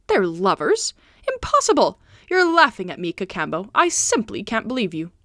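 A woman's voice: mid-range voice, wildly swooping pitch, moderate pace, a bit bright, no echo. Naive young guy, earnest and bewildered, read by a woman, voice swinging all over, dry close sound. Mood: incredulous. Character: young male traveler, naive and easily shocked.

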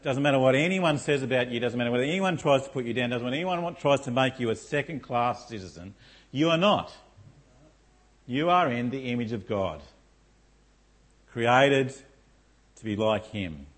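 A middle-aged male pastor preaches to his congregation in a church. His voice is husky and a little breathy, at an ordinary male pitch. He keeps checking in with his listeners through rhetorical questions. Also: lively intonation, normal speed, pauses often. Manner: rhetorical, asks the congregation "isn't it?". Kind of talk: sermon.

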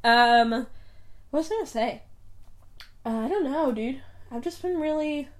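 A young woman chats on her own podcast, talking from her bedroom. She rambles, piles on fillers, giggles and corrects herself as she goes. Her voice sits a little higher than most women's. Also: animated, unhurried. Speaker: podcast host. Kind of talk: casual solo podcast chat.

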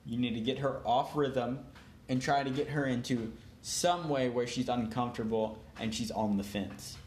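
A man's voice: mid-range voice, moderate pace, darkish tone. Tired young man, dry and laughing. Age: young adult. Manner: dry, laughing, tired late-night delivery. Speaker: podcast guest. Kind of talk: casual chat. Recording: echoey room, faint noise.

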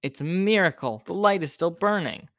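A man's voice: high-pitched, lively intonation, moderate pace, fairly bright tone, no room sound, clean studio sound, pitched above the performer's own voice. Guy doing a determined leader guy in a kids story, firm and plain. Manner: firm, decisive. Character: determined male leader Judah, grown man.

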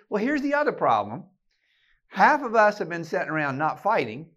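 A man delivers a fiery keynote sermon to an audience in a meeting room, pressing every point with emphasis. His voice sits a bit high, and he often restarts his words. The recording sounds muffled and lo-fi. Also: huge pitch swings, moderate pace, a bit bright. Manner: emphatic, rallying, with many repeated word restarts. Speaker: keynote speaker and podcast host.

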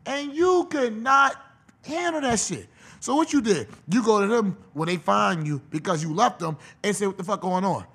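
A man's voice: high-pitched, expressive, moderate pace, gravelly, fairly bright tone, husky. A man hosting a podcast, delivering a profane, mocking comedic rant. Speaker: podcast host.

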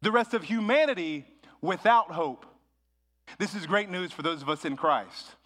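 A man, a pastor, preaching a sermon in a conversational way that rises into animated bursts of emphasis. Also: sits high, moderate pace, big-room sound.

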